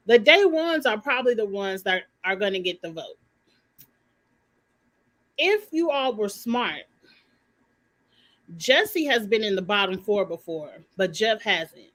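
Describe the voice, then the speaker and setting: A woman's voice: mid-range voice, animated, measured pace, pauses often, fairly bright tone. Blunt, slangy woman reviewing reality TV. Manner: blunt, opinionated, slangy and swearing; talks straight to her viewers. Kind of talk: casual live commentary.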